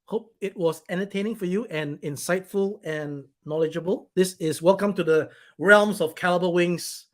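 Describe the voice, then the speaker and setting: A man's voice: high-pitched, moderate pace, hardly any pauses. A man hosting his own live stream, reading out viewer comments in an irritated, blunt, rambling way and swearing now and then.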